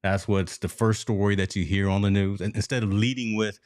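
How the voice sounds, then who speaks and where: A man with a low voice hosts a sports talk show, telling stories in an animated, chatty way and calling the listeners folks. The sound is dry and close, with no room around it. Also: brisk, no room sound. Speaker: podcast co-host.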